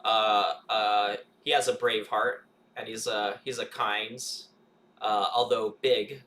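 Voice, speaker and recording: A man's voice: fairly low pitch, flat delivery, slow pace, bright, forceful tone, a little hiss or hum. A man playing a tabletop game, speaking in character with many hesitant fillers. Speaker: player.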